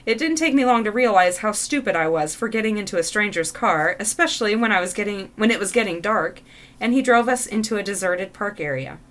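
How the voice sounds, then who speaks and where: Woman reading out stories, lively pitch, bright voice, laughs a lot. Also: fairly quick. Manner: expressive, laughs often. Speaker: co-host reading listener stories. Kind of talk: reading stories aloud with casual reactions.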